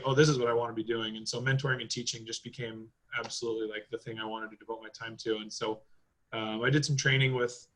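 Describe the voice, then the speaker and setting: A man talking as a guest on a casual podcast, with a bright, forward tone. He rambles through his stories, piles on fillers and swears freely. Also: medium pitch, poor audio. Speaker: podcast guest, driving school owner.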